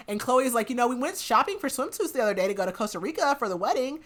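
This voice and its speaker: A woman's voice: a little high, fast talker. A woman podcast host casually recapping a book's plot, half-acting the characters' lines and saying "like" a lot. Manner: animated retelling with lots of "like", half-acting the quotes.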